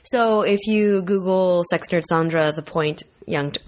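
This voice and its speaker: A woman's voice: on the low side, a little slow, a little mellow. A woman hosting a podcast in casual, chatty talk, with hiccups and a laughing, bantering way of speaking. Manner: chatty, laughing, tipsy-then-sobered banter. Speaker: podcast host. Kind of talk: casual chat.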